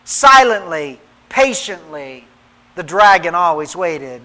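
Guy reading a story out loud, really high bright voice, slow and dramatic. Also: big pitch swings, low-quality recording. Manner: measured, dramatic, with pauses. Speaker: narrator.

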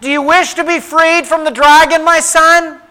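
Guy doing a solemn old king, gentle but firm, high bright voice, storybook. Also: level tone, normal speed, low-quality recording. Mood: tender. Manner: grave, tender, commanding. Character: grieving merciful old king, father.

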